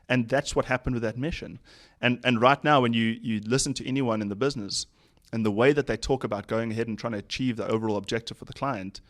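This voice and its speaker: Brief: male executive, podcast guest, animated storyteller, average pitch. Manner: animated anecdote telling with frequent laughs. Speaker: company CEO, podcast guest. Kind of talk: casual interview storytelling.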